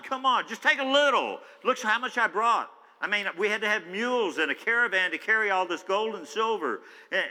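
A man preaching a sermon, animated, swinging between loud excited bursts and hushed asides, acting out the Bible characters in his own voice. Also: on the high side. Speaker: pastor. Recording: long reverb of a large hall.

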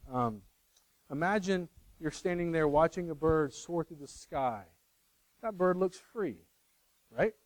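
A man's voice: on the high side, no echo, poor audio. A middle-aged man preaching a sermon in a conversational way, correcting himself and teasing the congregation.

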